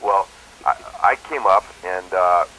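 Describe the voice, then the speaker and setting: A man's voice: sits low, measured pace, sharp tone, slight background noise, rough recording. A man who works as a stuntman, telling a story in a casual phone interview and jumping into quoted voices. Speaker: stuntman and performer.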